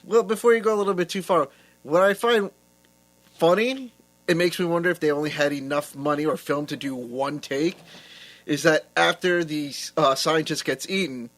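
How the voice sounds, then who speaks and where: A man's voice: on the high side, normal speed, a bit bright. A man co-hosting a podcast, chatting casually about a film and chiming in with amused remarks. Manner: amused, chimes in with short agreements. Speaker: podcast co-host. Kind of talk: casual movie discussion.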